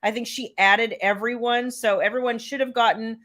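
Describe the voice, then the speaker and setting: A woman's voice: on the high side, steady tone, moderate pace, a bit bright. Middle-aged woman, casual live-stream host, chatty and rambling. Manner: chatty, rambling, answers viewer comments by name. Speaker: romance author hosting a live stream.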